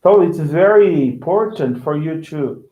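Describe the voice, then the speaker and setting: A man's voice: a little high, expressive, measured pace. A man teaching English in an online lesson, explaining with many restarts and checking that he is understood. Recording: echoey tinny online call.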